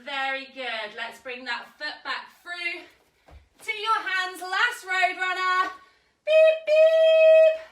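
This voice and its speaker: Bright-voiced woman teaching kids yoga live, cheerful and encouraging; echoey room, mic set back. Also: extremely high pitch, takes it slowly, recorded from a distance, soft background music. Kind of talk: live kids yoga class with story reading. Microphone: live stream camera mic at a distance.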